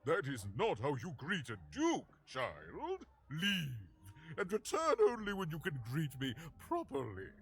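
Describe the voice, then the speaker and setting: A pompous fussy duke. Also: male voice, fairly high pitch, wildly swooping pitch, a little slow, a bit bright, exaggerated voice. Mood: haughty. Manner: haughty, indignant, theatrical.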